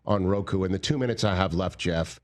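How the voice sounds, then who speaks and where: Male talk host, very low voice, sympathetic and conversational. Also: brisk. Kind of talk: sports talk show hosting.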